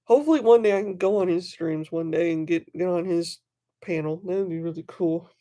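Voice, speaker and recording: Excitable rambling knife collector streamer. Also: mid-range voice, a little fast. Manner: excitable, rambling, talks to chat viewers by name. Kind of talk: casual livestream chat.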